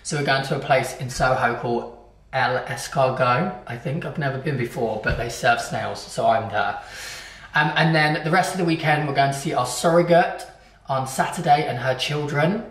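A man's voice: mid-range voice, roomy sound. A man chatting casually in a home vlog, cooing at his dog now and then. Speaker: vlogger. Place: at home indoors.

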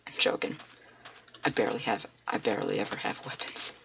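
A man giving excitable let's play commentary, talking to himself with frequent exclamations at a desktop mic. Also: lowish voice, a little fast, gravelly, a little hiss or hum. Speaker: gamer.

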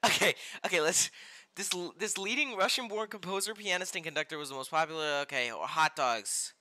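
A young man streaming a game live, reacting with loud outbursts and reading game text aloud. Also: on the high side, fairly quick, slight background noise. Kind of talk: live gameplay commentary. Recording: game music behind voice.

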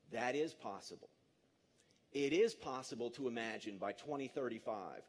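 A man in his fifties gives a live public talk in an energetic, emphatic way and engages the audience directly. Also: medium pitch. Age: 50s. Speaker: conference speaker.

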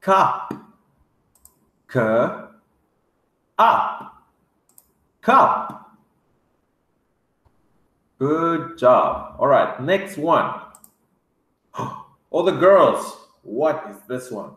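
A man teaching English words to young children, drilling each word slowly with excited gasps. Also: fairly high pitch, roomy sound. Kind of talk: vocabulary lesson for kids.

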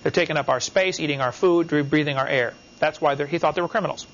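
A man's voice: fairly high pitch, fast. A man giving a classroom lecture, emphatic, talking in short repeated phrases and asking the class questions. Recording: dull, lo-fi class recording.

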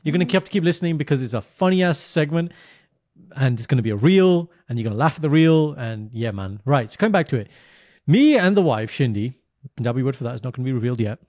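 A man from the UK co-hosting a casual podcast chat, telling stories in an animated, teasing way. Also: mid-range voice, fast talker, no room sound. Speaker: podcast co-host.

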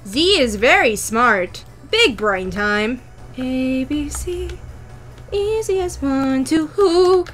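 A young woman with a bright, high voice gives unhurried, playful commentary on her video game. She talks to herself, taunts the game with jokes and breaks into sudden squeals. Soft game music plays behind her. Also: lively intonation. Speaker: gaming YouTuber. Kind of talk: casual Minecraft commentary.

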